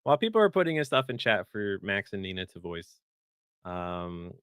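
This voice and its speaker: A man's voice: deep voice, big pitch swings, normal speed, fairly bright tone, clear, resonant tone, no echo. A man hosting a casual podcast chat, telling rambling, enthusiastic stories.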